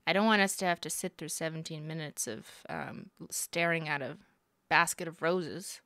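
A young woman from Canada chats her way through a live reaction stream, playful and teasing. Her voice is bright and forceful, recorded close and dry. She laughs easily between remarks. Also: low voice, moderate pace, no room sound. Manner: chatty, playful, sarcastic, laughs often. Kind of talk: casual live-stream commentary.

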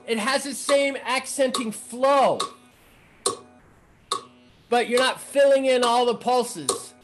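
A man teaching rhythm in a casual music lesson, chanting rhythm syllables between relaxed explanations. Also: very high voice, unhurried. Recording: noisy recording with clicks.

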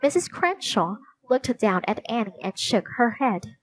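A woman reading a children's storybook aloud in slow, clear narration. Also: on the high side, sing-song, no room sound. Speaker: storybook reader.

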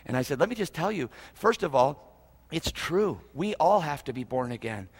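A male pastor preaches a sermon in a church auditorium, earnest and emphatic, repeating phrases for emphasis. His fairly high, slightly rough voice is very animated at a moderate pace, and the hall is reverberant.

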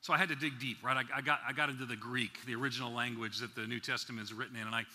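A man from the New York City area preaching at a conference, slowing down to stress key words and dropping in playful asides. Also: medium pitch, fairly even intonation, sharp tone. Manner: slow deliberate emphasis, playful asides. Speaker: conference speaker. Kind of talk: sermon. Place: large conference hall. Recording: reverberant hall.

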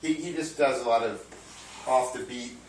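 A man's voice: medium pitch, normal speed, roomy sound, distant mic, slight background noise. A man co-hosting a casual online metal show and rambling through music news with lots of "like.". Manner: rambling, full of "like". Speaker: co-host presenting music news. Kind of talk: casual banter.

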